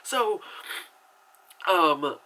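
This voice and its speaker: Bright, rambling casual man. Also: high voice, very slow, low-quality recording. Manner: animated and rambling, full of fillers and asides. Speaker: movie reviewer. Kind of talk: casual chat.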